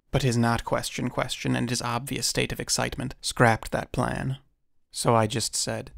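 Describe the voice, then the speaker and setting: A man narrating a first-person encounter story in a measured storytelling manner with dry asides. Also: mid-range voice, little pitch movement, creaky, fairly bright tone, no room sound.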